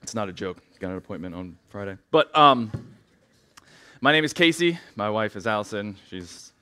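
Man, 30s, church speaker; bright tone, nervous, rambling and self-deprecating. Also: on the low side, lively intonation, normal speed. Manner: chatty, rambling, self-deprecating, many "like" fillers. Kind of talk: casual sermon opening. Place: church sanctuary.

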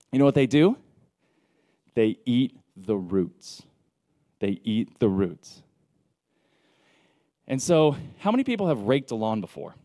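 A man preaching a casual sermon, telling stories in a joking, conversational way with lively asides. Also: mid-range voice, dry recording, clean studio sound. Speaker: pastor.

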